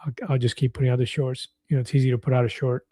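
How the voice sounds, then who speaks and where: A man's voice: mid-range voice, level tone, rapid-fire, warm tone, dry recording. A man in his fifties hosting a casual livestream, chatting and reading viewer comments aloud, laughing easily. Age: 50s. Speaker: livestream host.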